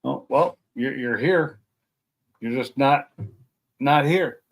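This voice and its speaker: A man's voice: medium pitch, slow pace. A man chatting casually with viewers on his live stream from home, rambling and poking fun at himself. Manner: rambling, chatty, self-deprecating. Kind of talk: casual chat. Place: at home at night.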